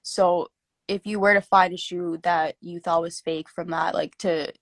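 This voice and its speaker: A woman's voice: on the low side, a little slow, no room sound. Young woman chatting with lots of fillers. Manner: filler-heavy, animated, slangy. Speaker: interviewee. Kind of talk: casual chat.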